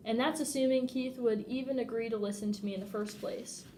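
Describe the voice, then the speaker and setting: Woman, novel reader, expressive, amused, higher-pitched. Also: fairly quick, noisy background. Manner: expressive, often laughing at the text. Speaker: audiobook reader. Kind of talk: reading a novel aloud.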